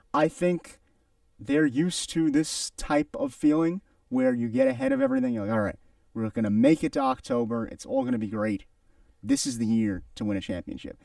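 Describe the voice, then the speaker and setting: Young male sports talk co-host, lively pitch, gravelly, emphatic and opinionated; dry sound from a bit off mic. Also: dry recording, far from the mic.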